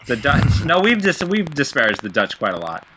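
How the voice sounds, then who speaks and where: Male podcast host with a bright voice, joking and prodding his friends over a call. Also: medium pitch, wildly swooping pitch, a little hiss or hum, low-quality recording. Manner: teasing, quick questions. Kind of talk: casual chat.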